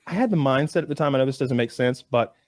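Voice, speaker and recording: A man in his thirties on a podcast, telling a story in a casual, animated way and jumping up in pitch when he acts out voices. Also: fast talker, no echo, studio quality. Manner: animated storyteller who jumps high acting out voices.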